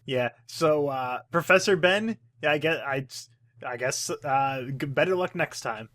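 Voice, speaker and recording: A man's voice: fairly high pitch, measured pace, fairly bright tone, no echo, studio quality. A young man hosting a podcast in casual chat, rambling and swearing freely. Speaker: podcast host.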